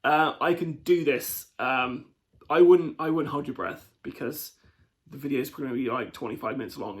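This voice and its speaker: A man's voice: mid-range voice, brisk. A man from the UK hosting a casual solo board game playthrough, chatty, rambling and self-deprecating as he explains the setup. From United Kingdom. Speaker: board game channel host.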